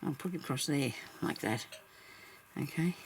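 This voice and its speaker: A woman's voice: sits low, normal speed, a little hiss or hum. A woman vlogging as she crafts, chatting casually and thinking aloud, laughing often at herself.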